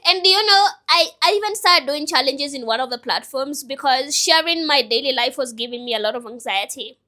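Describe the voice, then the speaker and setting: A woman's voice: high voice, lively intonation, fairly quick, sharp tone. A woman in her twenties who runs a business, talking candidly and emotionally in a rambling personal vlog. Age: 20s. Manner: emotional, rambling, self-reflective. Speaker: vlogger and business owner.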